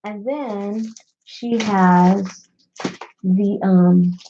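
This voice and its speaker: Her mid-range, warm voice stays steady and moves extremely slowly, on lo-fi audio with slight background noise. While hosting a casual crafting video in her craft room, she stands and rambles to herself as she searches through supplies.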